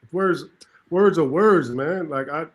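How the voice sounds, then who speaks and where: A man in a casual podcast panel debate, speaking emphatically. His voice sits a little high for a man, and he keeps stacking up rhetorical questions. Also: unhurried, dull audio.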